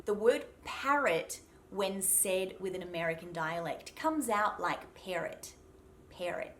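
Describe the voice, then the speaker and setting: A woman's voice: medium pitch, slight background noise. A young woman with an Australian accent, teaching pronunciation in a chatty, encouraging way. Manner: lively, chatty and encouraging, laughs often. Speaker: accent coach. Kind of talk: accent tutorial to camera.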